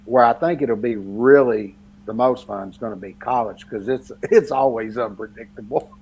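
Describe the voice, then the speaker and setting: A man's voice: medium pitch, moderate pace, a little mellow, slightly rough, rough recording. A man co-hosting a casual sports podcast, rambling with lots of fillers and laughing through his stories. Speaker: podcast co-host. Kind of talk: casual chat.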